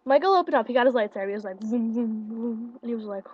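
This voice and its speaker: A young woman casually retelling a concert meet-up into a webcam, excited and chatty, with lots of fillers and quoted dialogue. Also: on the high side, fast, breathy edge. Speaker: vlogger. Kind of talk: casual storytelling. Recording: lo-fi webcam audio.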